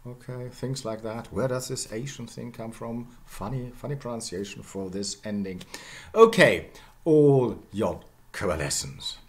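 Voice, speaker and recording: A man's voice: medium pitch, unhurried. A middle-aged man giving a university lecture, repeating example words over and over and checking in with "yeah?" and "okay?".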